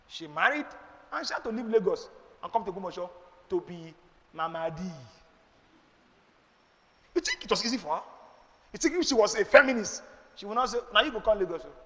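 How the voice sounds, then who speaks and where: Speaking with a Nigerian accent, this middle-aged man takes questions as a pastor in church, his preacherly, rhetorical delivery marked by emphasis and sudden loud outbursts. He has a high, animated voice at normal speed with frequent pauses, trailed by long reverb.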